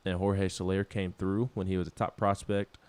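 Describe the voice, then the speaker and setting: A man's voice: low-pitched, flat delivery, normal speed, darkish tone, smooth, no room sound. A man co-hosting a casual sports talk show, rambling with many restarts and laughing at himself. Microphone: studio microphone.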